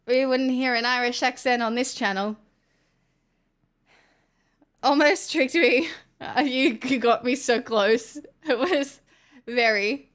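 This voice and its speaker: A high-voiced woman with an Australian accent chats casually to her livestream audience. She is playful and self-mocking, rambling between jokes. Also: fairly even intonation, slow pace, pauses often, a bit bright, smooth. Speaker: streamer.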